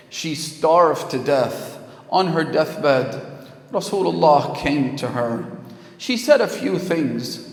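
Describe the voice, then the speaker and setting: A man preaching a sermon, telling a story and swelling with emotion at key moments. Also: a little high. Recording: echoey hall.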